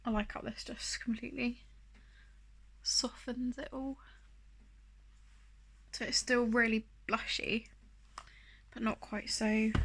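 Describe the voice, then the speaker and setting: Chatty woman, bright voice. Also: fairly high pitch, vocal fry, a little hiss or hum. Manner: chatty, self-deprecating, rambling with fillers. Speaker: beauty vlogger. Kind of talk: casual makeup tutorial chat.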